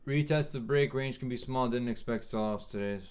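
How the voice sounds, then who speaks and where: A man hosting a casual trading livestream, thinking aloud in a halting way and answering chat questions. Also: medium pitch, a little hiss or hum.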